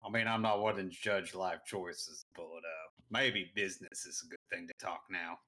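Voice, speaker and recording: A man's voice: low-pitched, steady tone, normal speed, sharp tone. Dry-joking man player. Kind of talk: in-character tabletop play.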